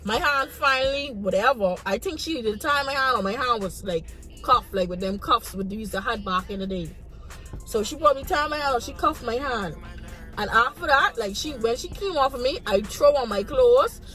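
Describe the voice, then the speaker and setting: A woman's voice: fairly high pitch, animated, normal speed, pushed and bright, faint music behind. A young woman from the Bahamas with a Bahamian accent, frankly telling a casual storytime and acting out her own reactions. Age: young adult. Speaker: vlogger.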